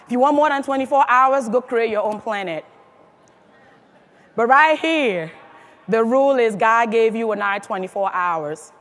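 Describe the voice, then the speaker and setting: A woman's voice: on the high side, measured pace, fairly bright tone. A woman giving a motivational speech to a live audience, emphatic and firing questions at the crowd. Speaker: motivational speaker at a sales event.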